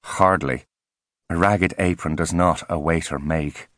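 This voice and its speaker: A man voicing a cold, condescending twelve-year-old genius in an audiobook, speaking crisply and precisely with cool superiority. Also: low voice, fairly even intonation, a little slow, fairly bright tone, no echo, clean studio sound. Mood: dismissive. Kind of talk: audiobook character voice.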